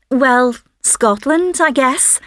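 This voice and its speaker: A woman's voice: high voice, extremely slow, no room sound, clean studio sound. A woman with a Liverpool accent hosting a radio phone-in, frank and chatty. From Liverpool, England.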